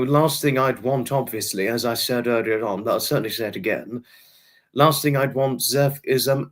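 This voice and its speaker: A man hosting a casual livestream, rambling chattily and greeting viewers by name. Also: medium pitch. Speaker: livestream host.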